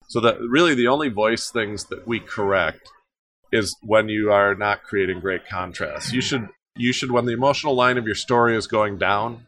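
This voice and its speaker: Brief: man podcast guest and speaking coach, lower voice, emphatic, leans on repetition. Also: fairly bright tone, a little hiss or hum. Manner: emphatic, repeats phrases for effect. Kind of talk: podcast interview.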